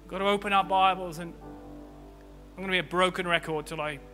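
A male pastor delivers an impassioned sermon in a high, very bright voice. He swings from loud, soaring peaks down to hushed, low stretches. The sound carries a long hall reverb with faint music beneath. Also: steady tone, fast talker. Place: church hall.

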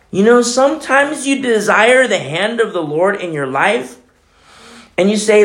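Gravelly-voiced impassioned male preacher. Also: sits high, very animated, moderate pace. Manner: impassioned, conversational, many fillers. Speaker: pastor. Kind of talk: sermon.

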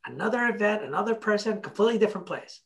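A motivational speaker telling stories in a podcast conversation, blunt and animated, casually swearing and acting out both sides of conversations. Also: medium pitch, very fast, creaky.

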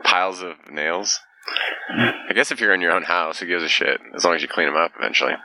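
A man's voice: low-pitched, expressive, fairly quick, bright, forceful tone, dry recording, rough recording. A man hosting a casual podcast chat, joking, teasing and swearing freely. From California. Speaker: podcast host.

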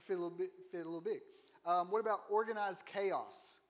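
A man's voice: high-pitched, fairly even intonation, brisk. A man giving a casual, joking sermon in a church, often putting questions to the congregation. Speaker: guest preacher. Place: church auditorium.

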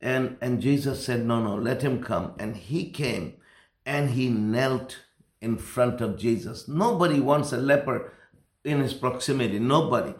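A man's voice: medium pitch, unhurried. Man, pastor, sermon story, earnest, rambling, echoey room. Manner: earnest, rambling with restarts, rising intensity.

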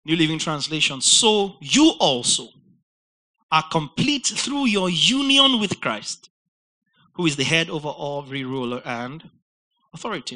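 A man's voice: a little high, big pitch swings, a little slow, pushed and bright, poor audio. A man preaching a sermon, explaining Greek words with repetition and quizzing his listeners. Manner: emphatic teacher, repeating words and quizzing listeners.

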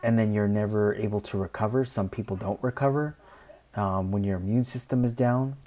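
A man speaking his mind in a casual monologue, rambling, saying "you know" often and acting out other people in quick asides. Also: on the low side, fairly even intonation, dark tone. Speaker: commentator.

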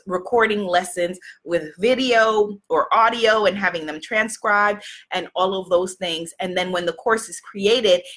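A woman's voice: fairly low pitch, a bit bright. A woman business coach chatting casually to her audience, rambling with many fillers and restarts.

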